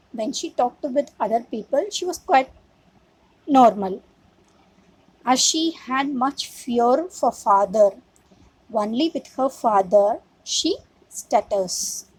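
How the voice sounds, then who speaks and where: Woman teacher explaining a class story, slow pausing delivery, breathy tone, close dry sound. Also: fairly high pitch, expressive, a little mellow, dry recording, low-quality recording. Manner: slow, with many "uh" pauses, speaks to the class as "our" and "we".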